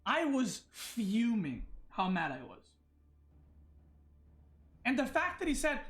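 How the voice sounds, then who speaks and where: A man's voice: very high voice, huge pitch swings, takes it slowly, long pauses, fairly bright tone. A man streaming, ranting agitatedly about an unfair referee decision, upset and stumbling over his words. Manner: agitated, ranting, frequent restarts. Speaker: esports player and streamer. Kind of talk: livestream rant.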